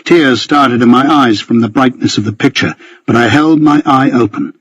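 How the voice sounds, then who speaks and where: Husky male audiobook narrator. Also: medium pitch, moderate pace, no echo. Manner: tense, vivid storytelling. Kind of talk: first-person scripted narration.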